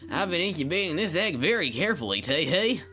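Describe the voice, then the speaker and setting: A woman's voice: lowish voice, big pitch swings, fast, fairly bright tone, slightly rough, pitched above the performer's own voice, heavily acted. A woman voicing a cheerful young country farm girl with a put-on country accent, giggly and sing-song. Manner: giggly, sing-song, says tee hee. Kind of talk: voicing game characters on a live stream.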